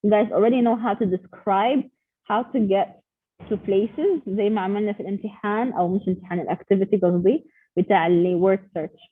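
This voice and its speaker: Woman teacher, quick encouraging explainer, tinny call audio, mid pitch. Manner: encouraging, explains step by step, switches languages mid-sentence. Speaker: English exam teacher. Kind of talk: online class lecture.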